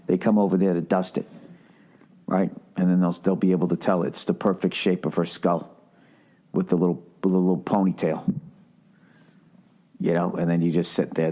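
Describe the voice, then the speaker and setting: A man's voice: low-pitched, dark tone. A middle-aged man hosting his own podcast, riffing sarcastically in a profane, rambling comedic monologue. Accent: Boston. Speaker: podcast host.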